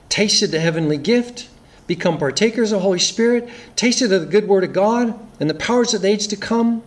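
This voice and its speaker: A man preaching an earnest expository sermon, reading scripture aloud and explaining it. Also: high voice. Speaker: pastor.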